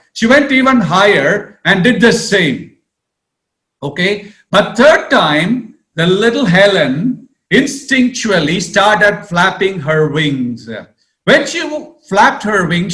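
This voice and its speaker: Male priest, sermon story, animated, slow pace, echoey room. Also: high voice. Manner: animated, checks in with listeners.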